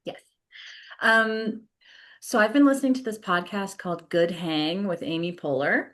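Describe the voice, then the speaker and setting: A woman's voice: medium pitch, unhurried, fairly bright tone. A woman therapist talking in a casual podcast conversation, thoughtful, laughing easily and using plenty of fillers. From California. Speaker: therapist guest.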